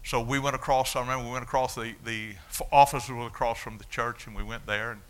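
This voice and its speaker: A man, preaching a sermon as a story of his own life, dropping low and then shouting out the punch lines. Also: fairly even intonation, fast talker, smooth. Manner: storytelling, swings from hushed to shouting. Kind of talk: sermon testimony.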